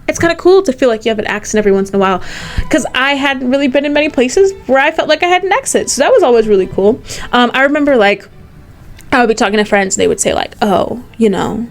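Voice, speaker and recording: An American woman vlogging, telling a casual storytime anecdote in a chatty, animated way, full of "like" fillers. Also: high voice, quick pace. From United States.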